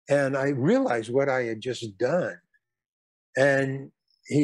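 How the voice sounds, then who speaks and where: An older man, a guest, telling stories in casual talk, rambling and halting with lots of restarts. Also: fairly high pitch, no room sound. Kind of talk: casual storytelling.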